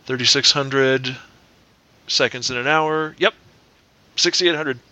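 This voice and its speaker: A man's voice: medium pitch, slow pace, bright, forceful tone. A man in casual podcast chat, working through numbers aloud and double-checking himself.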